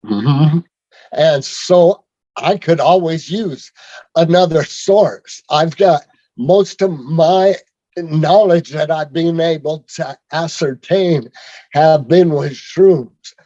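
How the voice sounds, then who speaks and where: A man telling his own story on a video call in a rambling, halting way, with many fillers and restarts. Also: fairly high pitch, warm tone, no room sound. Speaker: speaker sharing his story. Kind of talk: rambling personal testimony. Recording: dull lo-fi video call audio.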